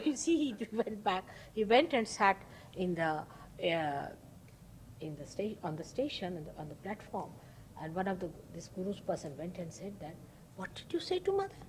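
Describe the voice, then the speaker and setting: In a rough recording with slight hiss or hum, a spiritual teacher tells a story during an informal talk, her lowish voice a little mellow. She's emphatic, repeats key words, and acts out the voices of the people she describes.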